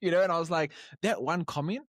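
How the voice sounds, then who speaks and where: A young New Zealand man, a podcast guest, chats casually and tells stories in an animated way, acting out the dialogue of the people in them. His voice is on the high side and he talks fast. The studio-quality recording has no room sound.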